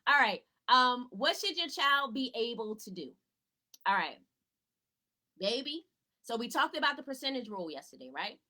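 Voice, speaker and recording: Woman educator, lively swooping pitch, bright tone, chatty, rhetorical questions, at home. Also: moderate pace, pauses often, poor audio. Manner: animated, asks rhetorical questions and answers them; casual, chatty, greets viewers by name. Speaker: tutor and educator. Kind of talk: informal live teaching talk to parents.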